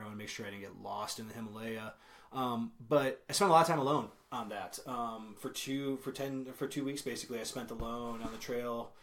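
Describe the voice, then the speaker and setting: Young guy guesting on a podcast, lots of ums, chuckles as he tells stories, mid-pitched voice. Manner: rambling, full of ums and self-corrections; chuckles while telling stories. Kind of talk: casual interview storytelling.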